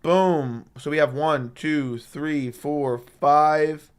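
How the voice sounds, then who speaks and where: A man's voice: fairly high pitch, fairly even intonation, takes it slowly, clean tone. A man with a sore throat chatting casually on a live stream and reading viewer comments, blunt and profane as he trash-talks with chat, into a studio microphone. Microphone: studio dynamic microphone.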